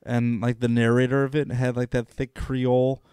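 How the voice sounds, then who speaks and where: A man's voice: mid-range voice, little pitch movement, moderate pace, mellow, clear, resonant tone, no room sound, studio quality. Man chatting with lots of "like". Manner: filler-heavy, lots of "like". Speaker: podcast co-host. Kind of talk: casual chat.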